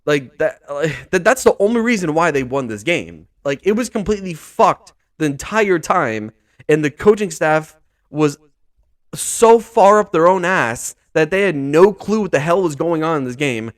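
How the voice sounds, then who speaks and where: A man's voice: on the high side, animated, normal speed, no echo, clean studio sound. A young man hosting a sports podcast, ranting about football in a profane, exasperated way and repeating himself.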